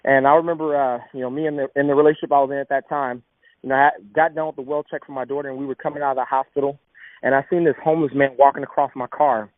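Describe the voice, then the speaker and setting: A man's voice: mid-range voice, steady tone, very fast, no echo. A young man earnestly telling a heartfelt personal story of hardship and faith. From Southern California. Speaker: speaker. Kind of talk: personal testimony talk. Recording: thin phone-like sound.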